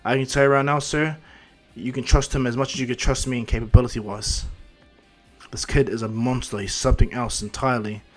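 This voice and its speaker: Casting note: hearty, boisterous hero mentor, done by the narrator. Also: male voice, mid-range voice, steady tone, a little fast, soft background music, natural voice. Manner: hearty, calls everyone kid. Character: boisterous grown male superhero mentor.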